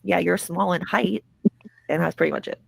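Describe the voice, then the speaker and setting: A woman hosts a drama commentary show, and she is blunt and mocking and swears often. Her voice is low and strongly gravelly with vocal fry. The sound is close and dry. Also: fairly even intonation, normal speed, no room sound. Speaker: commentary host.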